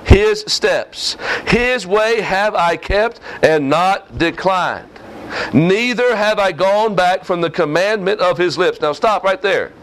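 A man's voice: high-pitched, slow pace, fairly bright tone. A man preaching a sermon in an emphatic, repetitive cadence, reading scripture aloud to his congregation. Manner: preaching with a rising, emphatic cadence and repeated phrases. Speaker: pastor.

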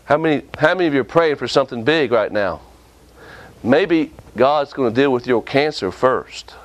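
A man preaching a sermon with impassioned delivery, often jumping up and down in pitch for emphasis. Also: lively intonation, moderate pace, no room sound.

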